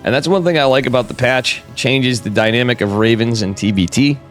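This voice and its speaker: Man with a cold, live game caster, casual and chatty, middle-pitched voice, faint music underneath. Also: fairly quick. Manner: casual, chatty, talks to viewers, jokey asides. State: has a cold. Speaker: esports caster. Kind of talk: solo live game commentary.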